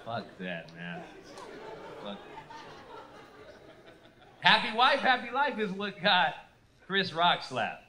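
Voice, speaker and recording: A man in his thirties works a comedy club crowd in a high, bright voice, animated and profane. He drops into little impressions of other people mid-bit. The live recording carries a clear wash of room noise under him. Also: slow, pauses often. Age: 30s. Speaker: stand-up comedian. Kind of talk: stand-up comedy set. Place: comedy club stage with a laughing audience.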